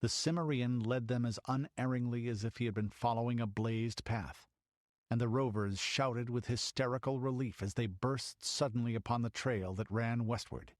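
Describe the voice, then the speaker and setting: A man's voice: medium pitch, moderate pace, dry recording, studio quality. A man reading an audiobook in dramatic storytelling narration. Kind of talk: scripted narration.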